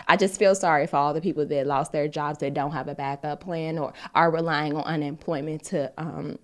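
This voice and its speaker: A woman's voice: sits low, fairly even intonation, brisk, hardly any pauses. A woman in her thirties hosting a podcast, talking candidly and at length about her own path, speaking into a phone. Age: 30s. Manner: candid, rambling, tearful at times. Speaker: podcast host. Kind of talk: emotional personal testimony on a live stream.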